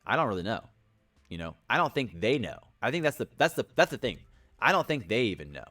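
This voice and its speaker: A young man hosting a casual livestream, rambling and energetic, greeting viewers by name and sometimes yelling. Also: medium pitch, a little fast. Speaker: livestream host.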